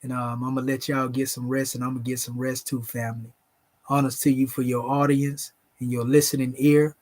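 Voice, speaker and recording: This channel host speaks at medium pitch with a darkish tone, moving quickly and barely shifting his pitch. He has a Southern US accent and runs a late-night livestream where he preaches spiritual invocations and addresses his audience as "family."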